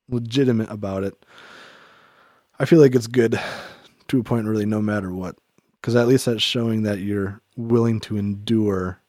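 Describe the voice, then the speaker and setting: Mellow and lowish, this man's voice comes across in clean studio quality with no room sound. He muses aloud in a relaxed conversation about faith, wandering, thoughtful, peppered with "like," and frequently starting sentences over.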